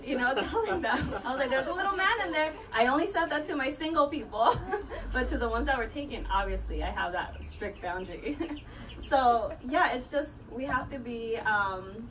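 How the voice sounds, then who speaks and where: A woman's voice: fairly high pitch, animated, moderate pace. Chatty woman host, distant and noisy. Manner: chatty storytelling, laughs often. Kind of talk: live podcast panel talk.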